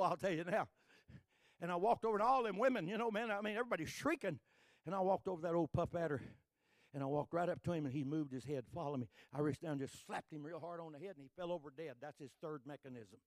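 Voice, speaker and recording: A man from Texas, preaching in a high voice. He tells folksy stories and repeats lines as they build to loud, shouted peaks. The recording is dry and close. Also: dry recording. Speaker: pastor. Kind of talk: sermon with folksy storytelling.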